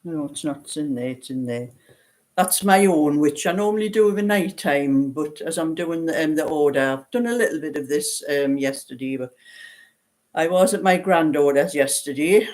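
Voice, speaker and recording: A woman's voice: deep voice, moderate pace, a little mellow. Older woman with a light Geordie lilt. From Newcastle, northeast England. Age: 70s. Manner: rambling, chatty, laughs often, reads out viewer comments. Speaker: knitting channel host. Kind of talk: casual livestream chat.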